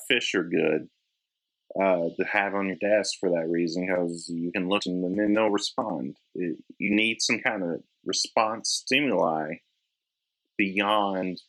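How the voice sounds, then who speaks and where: A man who works as an editor and publisher, a guest chatting in a relaxed way and laughing easily. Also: sits low, poor audio. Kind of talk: casual chat.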